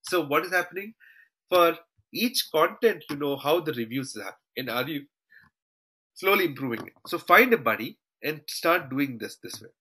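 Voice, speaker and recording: A man's voice: a little high, animated, normal speed, bright, forceful tone, breathy edge, poor audio. A man teaching a live online class over a shared screen, calling his students "team" and tagging his points with "okay" and "all right". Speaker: online trainer.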